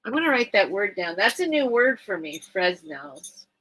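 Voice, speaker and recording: A woman's voice: medium pitch, sing-song, moderate pace, fairly bright tone, poor audio. A middle-aged woman hosting a late-night live sale stream, chatting casually and emotionally as she reacts to viewer comments.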